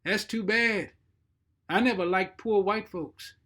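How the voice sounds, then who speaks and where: A man's voice: high-pitched, slow pace, bright, forceful tone, voice pushed up, exaggerated voice. A man voicing a nonchalant, impudent young male servant in a storybook reading, cool and cheeky.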